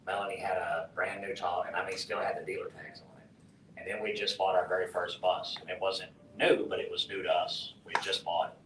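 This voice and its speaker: A middle-aged man from West Texas, telling a profane, animated story to a conference audience and acting out the dialogue. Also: fairly quick. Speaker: conference speaker. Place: conference hall. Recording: roomy, distant mic with faint rumble.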